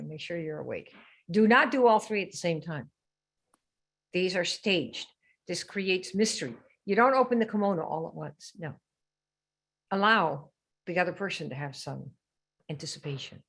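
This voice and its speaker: A woman's voice: sits low, creaky, fairly bright tone, slightly rough. A woman hosting a live sales training stream, brash and teasing as she quizzes her viewers. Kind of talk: lively live-stream coaching.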